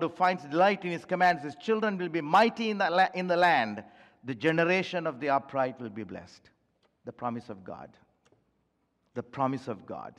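A high-voiced male pastor delivers an impassioned sermon, pleading and repeating lines for weight. His voice rings with the long reverb of a large church hall. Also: fairly bright tone.

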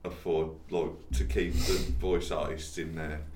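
A man's voice: rumbling low, little pitch movement, a little slow, darkish tone, a little hiss or hum. A man co-hosting a podcast, rambling through stories with lots of filler words. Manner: rambling, filler-heavy storytelling. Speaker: podcast co-host. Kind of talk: casual chat. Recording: roomy echo with faint ambience.

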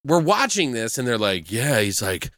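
A man co-hosting a casual chat, animated and jokey, swearing freely as he tells stories. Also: mid-range voice, normal speed, no room sound, clean studio sound. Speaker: podcast co-host.

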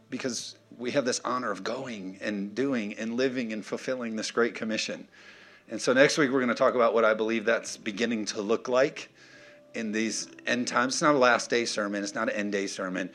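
A man preaching in a church, animated, swinging from loud, punchy calls to quiet, joking asides. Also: fairly low pitch, fairly quick. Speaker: pastor. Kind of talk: sermon.

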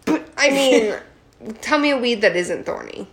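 A woman's voice: a little high, lively intonation, a little slow, a bit bright. A woman in casual comedic chat, irreverently retelling a story with silly voices and frequent laughter.

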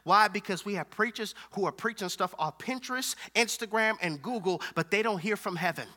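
High, bright-voiced male preacher. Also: brisk. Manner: emphatic, repetitive preaching with a call-and-response feel. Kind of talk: sermon.

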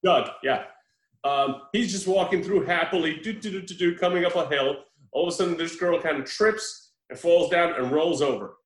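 Animated man recapping a movie, echoey room. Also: fairly high pitch, normal speed. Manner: animated storytelling with laughs and mimicked quotes. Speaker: podcast co-host. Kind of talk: casual chat recapping a movie.

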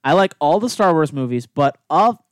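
Young male host, teasing and blunt, slightly high, animated delivery, dry sound. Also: moderate pace, no echo. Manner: teasing, blunt hot takes. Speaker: podcast host. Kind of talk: casual chat.

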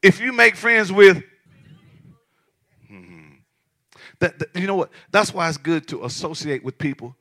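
A man's voice: sits high, expressive, unhurried, pauses often, bright, forceful tone. A man preaching a sermon in church, talking conversationally and joking with the congregation. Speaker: pastor.

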